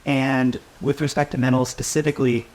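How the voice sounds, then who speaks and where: A man in the audience asking a question at a live panel, halting and hesitant. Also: medium pitch, flat delivery, darkish tone.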